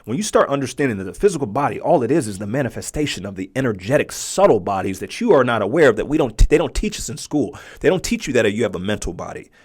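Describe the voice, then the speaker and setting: A man's voice: mid-range voice, very animated, quick pace, few pauses, breathy edge. A man in his forties, hosting a podcast and telling a personal story in a conversational way, often checking in with the listener. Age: 40s. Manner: conversational, often asks "right?". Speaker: podcast host.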